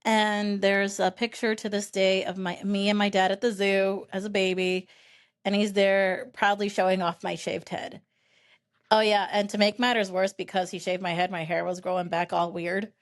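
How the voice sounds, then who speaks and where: A woman hosting a podcast who tells a family story in an animated, rambling way, with plenty of swearing. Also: mid-range voice, normal speed. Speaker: podcast host. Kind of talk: casual storytelling chat.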